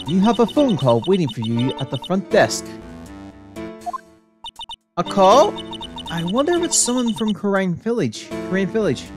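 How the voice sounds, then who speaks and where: A woman voicing a cheerful young female spirit medium with a bright, breezy manner, with game music behind. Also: mid-range voice, pitched above the performer's own voice.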